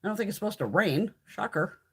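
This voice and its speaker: A woman's voice: mid-range voice, quick pace, breathy edge. A middle-aged woman chatting casually with viewers on a live stream, swearing freely and acting out quoted conversations. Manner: swears constantly, chatty and animated, acts out quoted exchanges.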